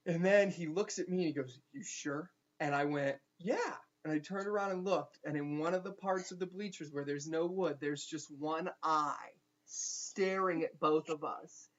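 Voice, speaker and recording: A young man, a teacher, telling a funny story casually with animated asides and quick restarts. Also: on the high side. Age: young adult. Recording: dull lo-fi recording.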